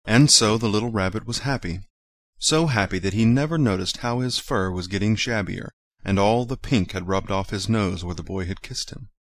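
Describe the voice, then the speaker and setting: A man reading a children's storybook aloud in a gentle, measured way. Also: fairly low pitch.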